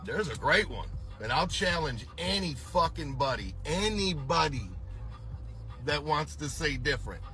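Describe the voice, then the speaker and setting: A middle-aged man telling a story from his past in casual talk, animated and swearing constantly. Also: a little high, a little slow, faint music behind. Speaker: storyteller recounting a past tour.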